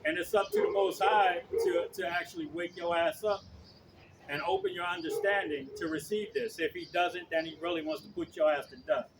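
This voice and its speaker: A man preaching outdoors on the street, loud and blunt, swearing and checking in with his listeners again and again. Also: high-pitched, fairly quick, heavy background noise. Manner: loud, blunt, profane, keeps asking "okay?".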